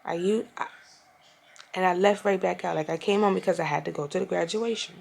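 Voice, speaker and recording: Speaking fairly fast in a creaky, fairly low voice, a young woman vlogs from home. It's a casual storytime rant, animated, exasperated and full of swearing.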